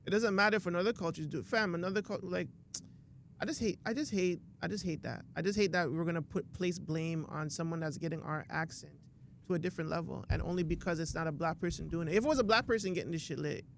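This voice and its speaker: Man co-hosting a podcast; emphatic and argumentative, fairly high and gravelly. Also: fast, a little hiss or hum. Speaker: podcast co-host. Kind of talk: casual podcast chat.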